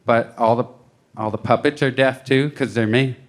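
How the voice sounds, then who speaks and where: A man's voice: medium pitch, fairly even intonation, normal speed, slight background noise. A man in his thirties performing stand-up comedy in a casual, self-deprecating way, acting out voices as he tells stories. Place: comedy club stage.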